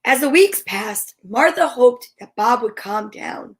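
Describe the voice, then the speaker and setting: A woman with a fairly high pitch and lively intonation hosts a storytime, reading a picture book aloud at an unhurried pace. She's playful, adds comic asides, and chuckles at her own reading.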